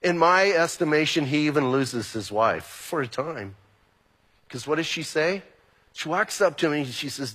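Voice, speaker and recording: A man preaching a sermon as pastor, animated and acting out quoted exchanges. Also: fairly high pitch, normal speed, breathy edge. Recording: long reverb of a hall.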